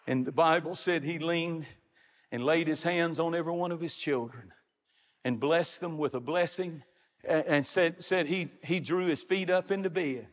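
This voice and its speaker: A middle-aged man preaching a sermon as pastor, building to shouts and stretching out his phrases. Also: fairly high pitch, normal speed, a faint crowd. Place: large church sanctuary. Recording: reverberant hall. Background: congregation.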